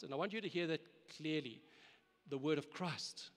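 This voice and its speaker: A male pastor preaches earnestly, urging his listeners on and restarting phrases as he goes. His voice sits fairly high, and a large church hall gives it a long, ringing reverb. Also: a little fast. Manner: earnest, exhorting, with frequent restarts. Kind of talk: sermon.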